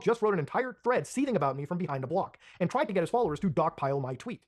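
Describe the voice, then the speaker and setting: Rapid, lively documentary narrator. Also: medium pitch.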